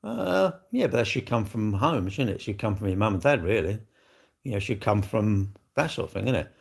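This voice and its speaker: A man's voice: lowish voice, sing-song, a little fast, gravelly, husky. Blunt older man livestreaming. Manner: blunt, argumentative, swears freely. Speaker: livestream host. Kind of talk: casual livestream chat.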